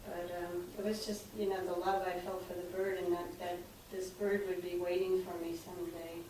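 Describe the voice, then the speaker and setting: A woman sharing a personal story with a seminar group, hesitant and reflective, often pausing on filler sounds. Her voice is low and flat in pitch. She sounds far from the mic in a very echoey room. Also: slight background noise. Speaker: seminar participant.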